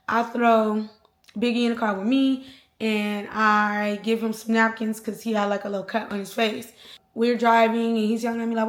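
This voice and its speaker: Young woman, fairly high voice, animated slangy storyteller recorded in a roomy, echoey space. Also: normal speed. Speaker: vlogger. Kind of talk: storytime vlog. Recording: roomy echo.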